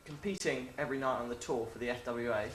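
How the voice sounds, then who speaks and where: A man interviewing, asking questions quietly and hesitantly from off-mic. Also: mid-range voice, fast. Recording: echoey room, faint noise, off-mic.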